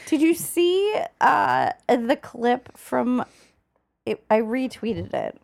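Sarcastic, lively woman cohost. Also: a little high, slow pace, vocal fry. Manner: incredulous, sarcastic. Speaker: podcast co-host. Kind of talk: casual political chat.

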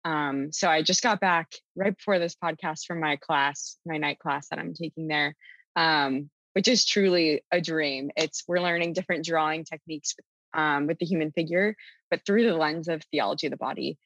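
A woman's voice: low-pitched, moderate pace, a bit bright, no echo, rough recording. A young adult woman as a podcast guest, earnest, with many ums. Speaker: podcast guest, art teacher. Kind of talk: casual interview.

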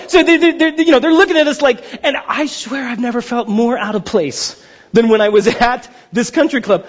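Young male pastor, lively storytelling sermon, raspy tone, muffled church recording. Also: sits high. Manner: conversational storytelling, lively and self-deprecating. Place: church sanctuary. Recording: dull lo-fi sound.

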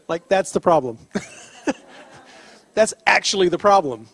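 Male preacher, high-pitched, lively storyteller, dry close sound. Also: slow pace, no room sound. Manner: animated storyteller, laughs often, acts out dialogue. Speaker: preacher on healing ministry. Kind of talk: sermon with storytelling.

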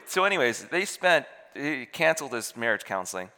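Animated man preaching in a big hall. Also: on the high side, fast talker, few pauses. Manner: animated, acts out voices in his stories. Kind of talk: sermon storytelling. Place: church hall. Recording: long hall reverb.

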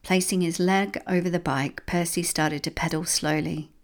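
Low-voiced woman reading a storybook. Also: steady tone, normal speed. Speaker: storybook reader. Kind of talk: reading a children's book aloud.

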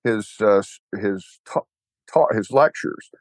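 A man's voice: lowish voice, lively intonation, slow pace, dry recording. An older man with a Texan accent, rambling wryly in a casual interview chat, full of restarts and fillers. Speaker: guest, church co-founder.

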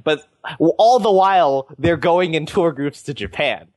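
A man's voice: fairly high pitch, lively intonation, normal speed, a little mellow, no room sound. Young canadian guy rambling on a podcast, tons of likes and you knows, dry sound. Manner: rambling, filler-heavy, lots of "like" and "you know". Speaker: podcast host. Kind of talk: casual chat.

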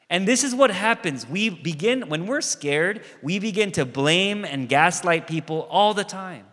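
A man preaching a sermon as pastor, animated and conversational, acting out quoted voices and asides. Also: high-pitched, measured pace. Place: church sanctuary. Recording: long reverb of a church hall.

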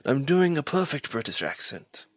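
A man's voice: on the high side, big pitch swings, normal speed, no room sound, muffled recording. A man co-hosting a casual chat, playful and laughing often. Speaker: podcast co-host.

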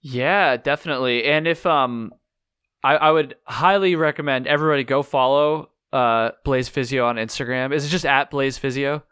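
Smooth-voiced easygoing podcast host, a man. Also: medium pitch, moderate pace, fairly bright tone, no echo, clean studio sound. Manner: easygoing, with restarts and filler "um". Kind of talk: casual podcast chat.

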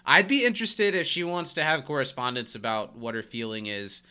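A man co-hosting a casual podcast, bantering and making quick joking asides. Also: medium pitch, big pitch swings, pushed and bright, clear, resonant tone. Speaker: podcast co-host.

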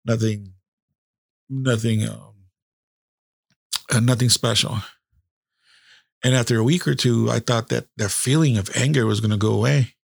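A man's voice: medium pitch, fairly even intonation, unhurried, vocal fry, pauses often, no echo, studio quality. A man in his fifties, a podcast host telling a personal story in a candid, casual way with heavy swearing.

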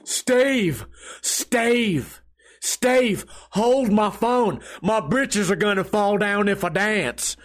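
A man's voice: high voice, extremely slow, pitched above the performer's own voice. A man voicing a drunk old country man with a drawling, slurred way of speaking. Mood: tipsy pleading. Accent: American country. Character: drunk old male country pool shark, cheerful and sloppy.

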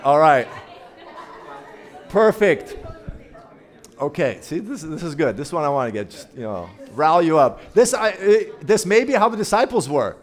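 A man's voice: fairly high pitch, big pitch swings, normal speed, some chatter behind. A man giving a casual sermon as guest preacher, chatty and playful, talking straight to his audience.

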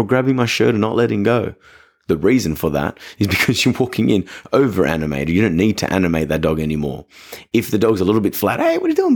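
A man hosting a casual podcast as a dog trainer, talking loosely and animatedly about training. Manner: animated, jumps to a high excited voice when acting out talking to dogs. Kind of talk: casual solo podcast talk.

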